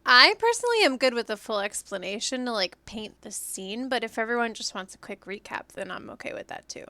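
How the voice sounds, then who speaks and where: A woman's voice: on the high side, animated, brisk, pushed and bright, no room sound. A woman playing a tabletop game over voice chat, chatting in an easygoing, accommodating way. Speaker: player.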